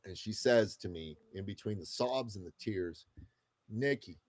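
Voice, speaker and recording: Husky-voiced man in his fifties. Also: low-pitched, moderate pace. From Middle East. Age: 50s. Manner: casual, expressive, swears freely. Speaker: guest entrepreneur. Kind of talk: animated storytelling in conversation.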